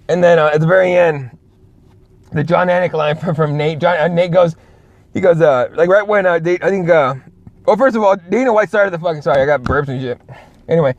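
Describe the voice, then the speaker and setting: A man's voice: on the high side, no room sound, lo-fi sound. A man hosting a casual talk show, ranting bluntly and profanely, rambling with lots of restarts. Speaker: podcast host. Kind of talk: casual rant.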